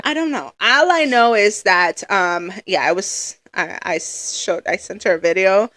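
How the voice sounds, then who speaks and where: Young woman, podcast co-host, casual chat, loud and animated, bright forceful voice, dry close sound. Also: mid-range voice, a little slow, dry recording. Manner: loud, animated storytelling with acted-out quotes.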